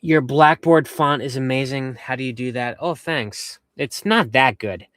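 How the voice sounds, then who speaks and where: A man's voice: medium pitch, unhurried, a bit bright, dry recording. A young man from western Massachusetts chatting casually on a livestream from his camper van, reading viewer comments in a rambling, upbeat way. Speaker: vanlife livestream host.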